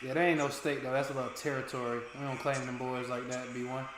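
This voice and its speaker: A man's voice: mid-range voice, little pitch movement, fast talker. Profane joking man, echoey room. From United States. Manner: joking, profane, teasing banter. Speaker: co-host of a footy watch-along. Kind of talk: casual streaming chat. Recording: echoey room with faint noise.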